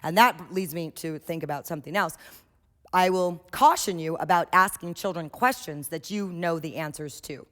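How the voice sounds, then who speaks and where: A woman giving a workshop lecture on children's art, lively and storytelling, often acting out quotes. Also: fairly low pitch, normal speed. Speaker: early childhood art trainer. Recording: echoey hall.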